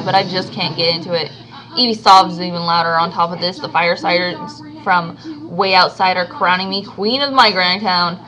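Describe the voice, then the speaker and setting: A woman's voice: medium pitch, rough recording. A woman reading a novel aloud as an amateur reader, stumbling over words and restarting now and then.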